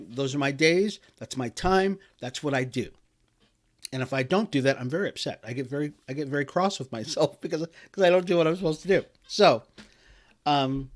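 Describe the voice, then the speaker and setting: A middle-aged man hosting a podcast, delivering an emphatic motivational talk with frequent restarts and fillers. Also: medium pitch. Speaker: podcast host.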